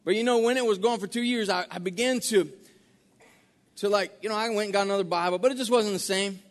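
Preacher in a reverberant church. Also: male voice, high voice. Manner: folksy, halting with many restarts. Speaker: guest pastor. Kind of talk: sermon with storytelling. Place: church sanctuary. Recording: long church-hall reverb.

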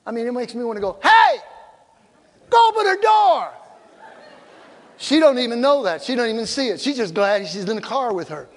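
An older man delivers a sermon in a notably high voice, mixing teaching with humor. He slips into acted-out quotes to make his points. Long hall reverb trails his words. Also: fast talker, hardly any pauses. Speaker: pastor.

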